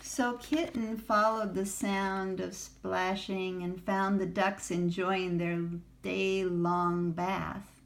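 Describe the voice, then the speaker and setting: Slow-reading gentle grandmother. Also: mid-range voice, level tone, gravelly, a little hiss or hum. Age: older. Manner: gentle, engaging the listener with questions. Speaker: storyteller. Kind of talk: picture book read-aloud to a child.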